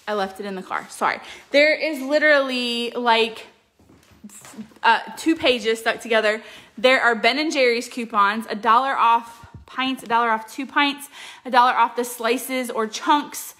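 Woman, higher voice, upbeat casual haul chat, frequent ums. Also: a little slow, pushed and bright. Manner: chatty and upbeat, lots of ums. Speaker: couponing vlogger.

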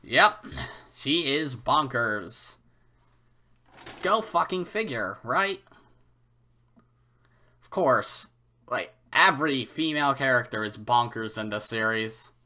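A man's voice: medium pitch, lively intonation, takes it slowly, long pauses, sharp tone. A man reading a visual novel aloud and adding sarcastic, joking asides. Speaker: let's play narrator.

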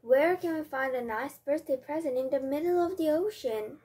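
A woman reading the lines of a worried pirate crew, raising her pitch and pleading. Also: moderate pace, dark tone, natural voice. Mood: fretful. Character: worried crowd of pirate sailors.

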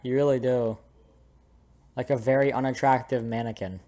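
A man's voice: mid-range voice, steady tone, moderate pace, dark tone. A young man doing comedic commentary over a video game, goofy and jokey with sudden dramatic outbursts. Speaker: gameplay commentator. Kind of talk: comedic let's play commentary.

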